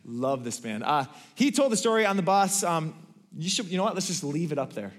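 A man's voice: a little high, sing-song, brisk. A man giving a sermon, telling a story in a conversational way with many fillers. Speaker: pastor.

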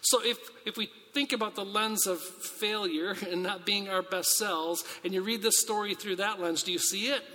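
A pastor with a high, bright voice delivers a sermon in a conversational, earnest way, firing off rhetorical questions and restarting phrases. His voice rings through a church sanctuary with a long, trailing reverb. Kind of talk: sermon with scripture reading.

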